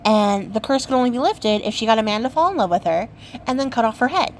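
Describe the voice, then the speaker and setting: A woman's voice: on the high side, lively intonation, fast talker, slight background noise, low-quality recording. A young woman hosting a craft channel, retelling a fairy tale in a chatty, playful way with lots of fillers. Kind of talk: casual story retelling.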